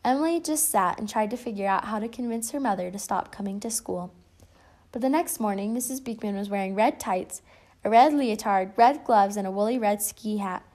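A woman reading a children's picture book aloud in a lively, expressive way. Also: medium pitch, a little fast. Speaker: storybook reader.

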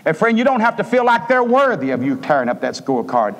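Male preacher, a bit high-pitched, rising to loud urgency and dropping to hushed appeals, church reverb. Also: very animated, quick pace, few pauses. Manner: preaching with swings from raised to hushed voice. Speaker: pastor. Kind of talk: sermon. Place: church sanctuary. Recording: old church recording with long reverb.

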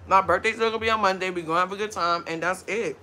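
A woman's voice: fairly low pitch, steady tone, quick pace, bright, forceful tone, slight background noise. A woman hosting a mukbang livestream, ranting casually with blunt, profane talk and frequent laughs while hungover.

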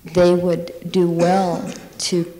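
A woman's voice: fairly low pitch, monotone, extremely slow, mellow. A woman architect on a discussion panel, stating her views firmly and emphatically. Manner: firm, emphatic statements.

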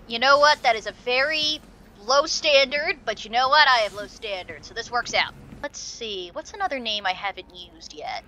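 A young woman giving excitable let's play commentary, swearing and shrieking at the game. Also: on the high side, normal speed. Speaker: gaming video creator.

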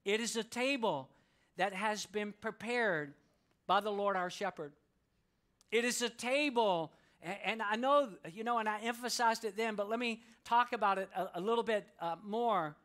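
Male pastor, high bright voice, slow and emphatic when reading scripture. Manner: preaching with congregation call-and-response, slows to read scripture. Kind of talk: sermon. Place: church sanctuary.

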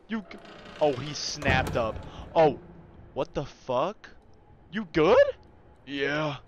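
Jumpy young man, high lively voice. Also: slow, pauses often, lo-fi sound. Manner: profane, jumpy, yelps and shouts when startled. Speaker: gaming video creator. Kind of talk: casual horror game commentary.

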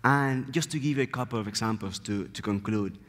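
Dominican-accented preacher in a reverberant church. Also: male voice, lowish voice, brisk, fairly bright tone. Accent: Dominican Spanish. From Dominican Republic. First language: Spanish. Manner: earnest, emphatic, repeats key phrases. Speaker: guest preacher. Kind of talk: sermon. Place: church sanctuary.

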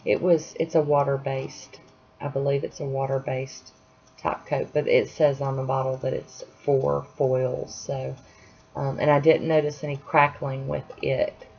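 Low gravelly-voiced woman, chatty nail vlogger. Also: little pitch movement, measured pace, a little mellow. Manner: chatty, apologetic, self-deprecating. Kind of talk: casual tutorial chat. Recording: dull lo-fi sound, faint hiss.

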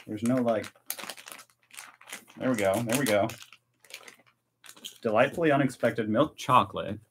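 An American man chatting casually and excitedly on a live stream while tasting snacks. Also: mid-range voice, measured pace, noisy background. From United States. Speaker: vlogger.

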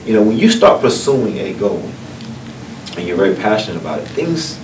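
A man's voice: fairly low pitch, very animated, moderate pace. A man from North Carolina with a Southern accent, telling folksy personal stories that turn motivational at a book event. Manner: folksy, earnest, building to uplifting points. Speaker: guest speaker at a book event. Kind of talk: personal storytelling and motivational talk. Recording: echoey room from far off, noisy.

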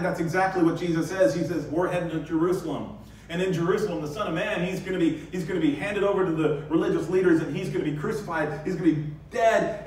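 A male pastor giving a lively sermon, acting out the scenes with sudden high bursts. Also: a little hiss or hum. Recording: very echoey church hall, distant mic.

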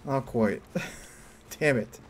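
A young man streaming a game, joking crudely and breaking into loud whoops and yelps. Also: mid-range voice, slight background noise. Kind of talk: casual livestream chat while playing.

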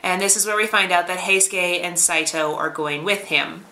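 A woman's voice: lowish voice, moderate pace, sharp tone. A woman recapping an anime episode as a reviewer, chatty and sarcastic. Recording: roomy echo.

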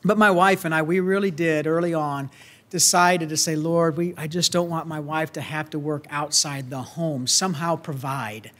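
A man's voice: a little high, steady tone, normal speed, fairly bright tone. A grandfatherly man with a Southern US accent, preaching a sermon in a folksy, earnest way with many restarts. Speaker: pastor.

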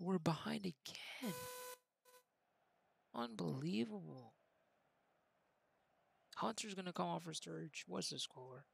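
A young man commentating on his football game like a broadcaster, with a heavily gravelly, husky voice. His pitch sits in the middle, and he gets excitable on the big moments. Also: low-quality recording. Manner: mock play-by-play commentary, excitable on goals. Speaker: gaming YouTuber. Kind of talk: gameplay commentary.

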